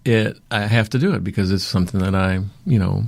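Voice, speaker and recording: A middle-aged man, a talent agency owner, telling his story in a rambling, animated interview way. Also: lowish voice, a little fast, vocal fry, no room sound. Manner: rambling, fillers, animated retelling.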